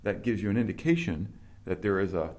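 A man's voice: fairly low pitch, sing-song, fairly quick, a little mellow. A man teaching Greek grammar to a small group, asking questions and explaining step by step. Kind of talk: classroom instruction.

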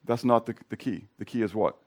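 A middle-aged male pastor with a hoarse voice, preaching in a casual, conversational way and questioning his congregation. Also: on the low side, a little fast, darkish tone. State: hoarse from sinus drainage. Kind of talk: sermon.

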